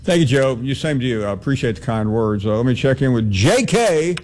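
A man's voice: medium pitch, sing-song, brisk, darkish tone. Man hosting a call-in show. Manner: brief, polite call handling. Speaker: radio show host. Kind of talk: call-in sports talk.

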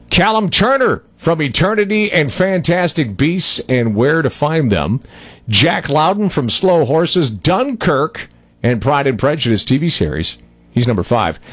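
A male radio DJ talks in a loose, joking way, his pitch swinging widely from phrase to phrase. His voice sits close and dry on a studio mic. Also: no room sound. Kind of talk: casual radio chatter. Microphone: studio microphone.

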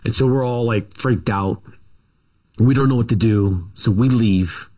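A man's voice: mid-range voice, unhurried, dark tone. A middle-aged man, a guest author in an interview, recounts his family history casually, with many fillers, restarts and self-corrections.

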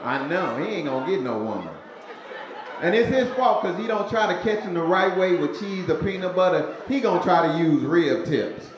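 A man's voice: high voice, animated, normal speed, lo-fi sound. A man performing stand-up on a comedy club stage, with a laid-back, punchy delivery and talk aimed at the crowd. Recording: very echoey live venue with crowd noise.

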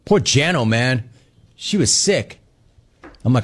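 A man's voice: medium pitch, expressive, slow pace. A middle-aged man hosting a live call-in show, reading viewer messages aloud in a brash, jokey, teasing manner. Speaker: talk show host.

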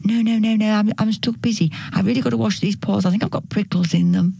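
A woman voicing a lazy cat making hurried, fussy excuses in a storybook reading. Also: medium pitch, steady tone, a little mellow, no echo, lightly acted. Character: lazy, self-absorbed female cat.

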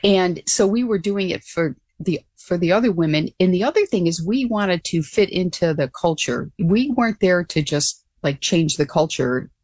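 An older woman being interviewed as a guest, telling her story in an earnest, animated way with frequent restarts. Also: on the low side, normal speed, few pauses, dry recording. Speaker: guest, former pilot.

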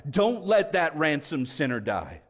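A pastor preaching a sermon with impassioned delivery, his voice swelling up and dropping low. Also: huge pitch swings, a little slow, in a large hall.

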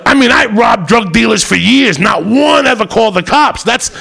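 A man telling a profane stand-up story, rowdy and swinging into loud high-pitched outbursts. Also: lively intonation, normal speed, gravelly, breathy edge. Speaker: comedian. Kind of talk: stand-up storytelling to a live audience.

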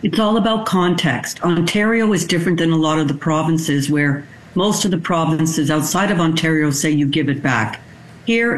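A woman lawyer explaining the law in a brisk, matter-of-fact way as an interview guest. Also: low voice, echoey room, low-quality recording. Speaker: divorce lawyer. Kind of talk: expert interview.

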